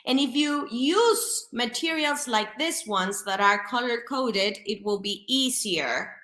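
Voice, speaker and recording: Lively woman teaching phonics over webcam. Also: on the high side, takes it slowly. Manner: lively, demonstrative, sounds out phonemes. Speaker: teacher trainer. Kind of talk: online teacher training talk. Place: home room, alone at computer. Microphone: computer webcam mic. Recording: echoey room.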